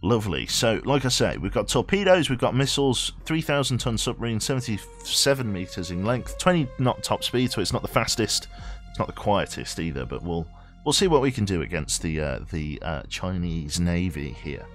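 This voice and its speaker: Deep-voiced man streaming a game, lively. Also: normal speed, faint music behind. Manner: rambling, chatty, reads game text aloud, swears offhand. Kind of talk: casual live game commentary.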